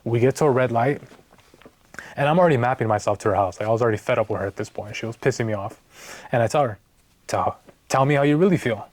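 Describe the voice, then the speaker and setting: A man's voice: mid-range voice, fast talker, long pauses, darkish tone, no echo. A man telling a story in a casual vlog, in a frank, exasperated way that keeps checking in with "right?". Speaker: vlogger.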